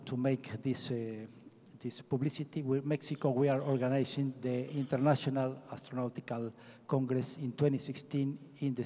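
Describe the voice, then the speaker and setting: Man, agency head, mellow dark voice, halting and restarting, long hall reverb. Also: mid-range voice. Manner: halting, many restarts and fillers. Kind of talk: conference speech. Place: large conference hall. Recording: echoey large hall.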